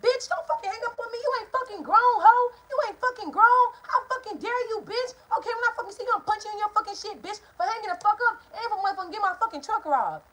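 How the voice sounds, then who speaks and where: A woman's voice: fast, hardly any pauses. A woman voicing a furious, foul-mouthed mother who screams accusations down the phone. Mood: furious yelling. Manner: shrill, cursing, yelling.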